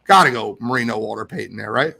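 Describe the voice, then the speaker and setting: A man hosting a casual live sports podcast, reading viewer comments aloud in an animated way. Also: medium pitch, quick pace, gravelly. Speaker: podcast host.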